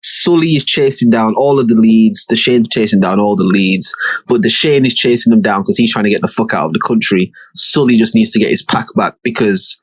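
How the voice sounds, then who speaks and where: A man's voice: lowish voice, brisk. A young man, co-hosting a casual podcast and animatedly recapping a TV show with lots of swearing. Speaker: podcast co-host. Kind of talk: casual banter podcast chat.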